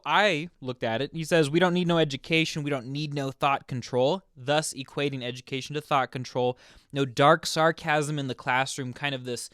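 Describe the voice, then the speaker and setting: A man hosting his own channel, explaining a song's meaning in a casual, chatty way, full of "like" and quick asides. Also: a little high, clear, resonant tone, dry recording, studio quality. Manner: chatty, filler-heavy, animated. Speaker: music explainer host. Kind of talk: casual explanatory video commentary.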